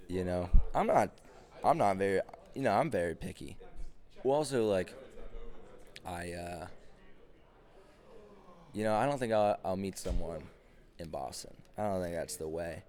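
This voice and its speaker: A man's voice: fairly low pitch, animated, unhurried, pauses often, a little mellow. A man in his twenties hosting a podcast, ranting casually with lots of swearing and rambling fillers. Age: 20s. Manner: profane, rambling, full of fillers. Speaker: podcast host. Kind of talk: casual comedic rant.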